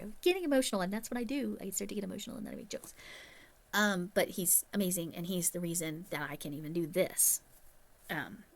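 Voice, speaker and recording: A middle-aged woman chats straight to her viewers in a casual vlog, candid and conversational. Her voice sits low, with a gravelly, creaky texture. She talks the way a retired teacher talks to friends. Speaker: retired teacher turned crochet YouTuber. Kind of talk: casual vlog chat to camera.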